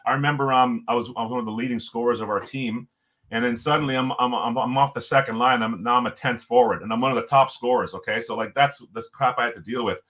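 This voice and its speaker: Man, middle-aged, from Jamaica, podcast guest, casual storytelling, animated, mid-pitched. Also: fast talker. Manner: animated storyteller, acts out quotes, many restarts. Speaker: podcast guest, former pro hockey player.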